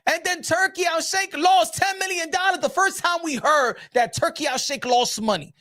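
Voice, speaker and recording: A man's voice: very high voice, a bit bright. A man hosting a boxing show, ranting casually and profanely, with lots of repetition. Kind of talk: casual commentary rant.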